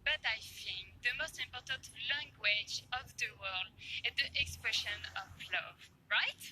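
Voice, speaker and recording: A pageant contestant with a French accent speaks in a high, bright female voice. Her phrasing is simple and earnest. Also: unhurried, a little hiss or hum, poor audio. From France.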